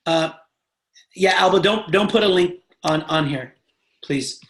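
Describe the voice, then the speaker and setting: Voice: medium pitch, unhurried, a bit bright. A sales team trainer leading a live online training call, speaking emphatically and checking in with listeners often. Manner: emphatic, repeatedly checks in with the audience. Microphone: video call. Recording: roomy video-call audio.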